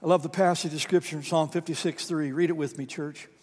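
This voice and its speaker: A man's voice: fairly high pitch, fairly even intonation, fast. A male pastor preaching a sermon in a church sanctuary, emphatic with frequent repeats. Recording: long church hall reverb.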